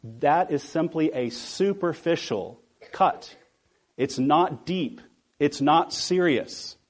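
A man voicing a gentle young mother who soothes her child in a sermon story, speaking slowly and with emphasis. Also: a little high, lively intonation, slightly rough, full character voice. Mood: soothing.

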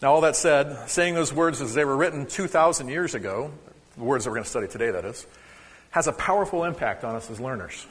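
A man's voice: medium pitch, expressive, a little fast, husky, big-room sound. A man preaching a sermon to his congregation in a conversational, joking way, teaching a short lesson. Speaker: pastor. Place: church sanctuary.

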